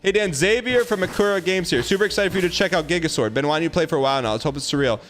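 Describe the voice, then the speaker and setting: Hosting a live game stream, a man talks straight to his viewers in casual chat, repeating phrases as he goes. His voice sits on the high side and is a bit bright, and he speaks rapid-fire over faint background music.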